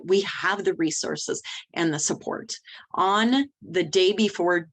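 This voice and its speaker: A woman's voice: lowish voice, slow pace. A middle-aged woman who cares for newborns, telling a family's story in an interview in a candid, direct way. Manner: candid, direct, animated retelling. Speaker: nursery nurse leader.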